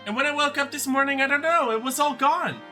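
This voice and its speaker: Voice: high-pitched, fast talker, sharp tone, faint music behind, pitched above the performer's own voice. A streamer doing an anxious, earnest young sister. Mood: troubled. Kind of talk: reading game dialogue aloud.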